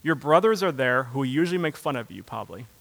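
Male pastor preaching in a reverberant hall; bright, forceful tone, rising to loud bursts and falling to hushed asides. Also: animated, fast talker, gravelly. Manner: builds to loud impassioned preaching, then drops low. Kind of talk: sermon.

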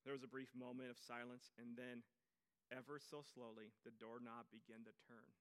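A male pastor preaching a sermon, telling stories and acting out quoted voices, swinging from loud bursts to hushed near-whispers. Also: mid-range voice, flat delivery, moderate pace, clean tone.

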